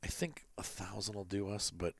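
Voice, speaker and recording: A man's voice: lowish voice, level tone, moderate pace, no echo, clean studio sound. A man hosting a farming game playthrough, chatting casually and rambling through a personal story with many fillers and restarts. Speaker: gaming channel host. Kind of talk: casual let's-play commentary with storytelling.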